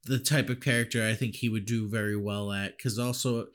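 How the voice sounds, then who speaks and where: A man's voice: on the low side, fairly even intonation, a little fast, fairly bright tone. A man co-hosting a casual movie review chat, rambling and laughing often, swearing now and then. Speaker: podcast co-host.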